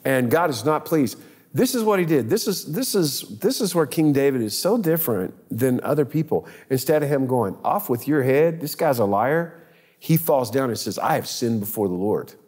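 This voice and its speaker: A man's voice: moderate pace, breathy edge, long reverb tail. A man, a pastor, telling a scripture story conversationally and acting out the characters' voices. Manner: animated, acts out biblical voices with big pitch jumps.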